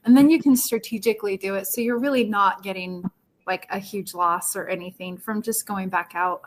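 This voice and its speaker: A woman's voice: medium pitch, fairly even intonation, moderate pace, poor audio. Woman explaining casually. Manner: conversational, with fillers.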